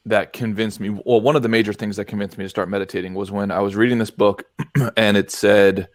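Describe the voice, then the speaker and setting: A man hosting a podcast, explaining ideas step by step in a measured, conversational way. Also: lowish voice, fairly even intonation, no echo. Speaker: podcast host. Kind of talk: casual conversation.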